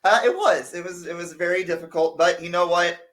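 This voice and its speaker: A man's voice: high-pitched, a little fast, a bit bright. A man co-hosting a podcast, playfully building up a surprise like an announcer. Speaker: podcast co-host. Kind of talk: casual chat.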